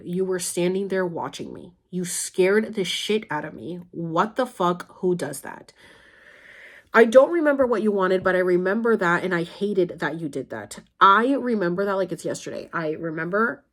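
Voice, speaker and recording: A woman's voice: lowish voice, animated, moderate pace. A young adult woman vlogging, speaking candidly and emotionally to her mother about her past, blunt and sometimes swearing. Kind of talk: personal storytelling, addressing her mother.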